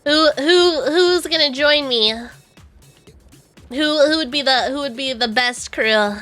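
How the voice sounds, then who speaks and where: Bright high-voiced young woman streamer. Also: slow, faint music behind. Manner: rambling, self-deprecating, giggly. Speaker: VTuber streamer. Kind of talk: casual stream chat.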